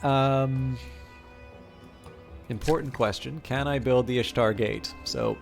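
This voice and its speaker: A man's voice: medium pitch, slow pace, gravelly, faint music behind. A man streaming live strategy game commentary, thinking aloud with many fillers and restarts and a self-amused tone.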